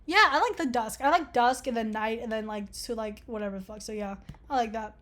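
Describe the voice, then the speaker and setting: A young vlogger reads an online quiz aloud, giving casual commentary full of sarcasm, free swearing and frequent laughter. Her voice is a little high and fairly bright, and she speaks fairly quickly.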